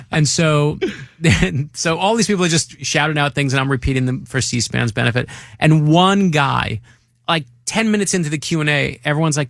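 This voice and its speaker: A male author being interviewed in a radio studio, an excited storyteller who acts out quotes. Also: on the high side, fairly quick, dry recording. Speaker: author guest. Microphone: studio microphone.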